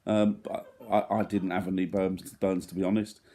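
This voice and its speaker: A man's voice: low-pitched, level tone, normal speed, dark tone. A man in his thirties chatting casually in a family vlog, rambling and joking at his own expense. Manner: rambling, joking, self-deprecating. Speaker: vlogger.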